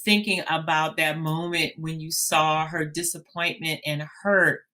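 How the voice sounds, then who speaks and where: A woman's voice: low voice, fairly even intonation, a little slow, bright, forceful tone. A woman hosting an interview, affirming her guest with frequent murmured agreement. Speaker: host.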